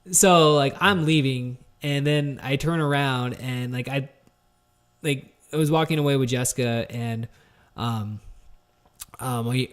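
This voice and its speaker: A man's voice: mid-range voice, a bit bright. A man hosting a solo podcast, telling a story in a rambling, candid way, swearing often and stumbling over fillers and restarts. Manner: candid and introspective. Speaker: podcast host.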